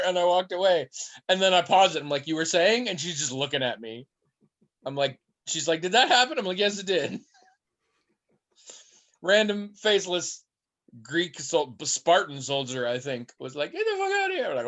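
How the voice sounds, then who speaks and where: A man co-hosting a podcast, chatting casually and telling rambling stories with voices thrown in. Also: mid-range voice. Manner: rambling animated storytelling with mimicked voices. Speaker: podcast co-host.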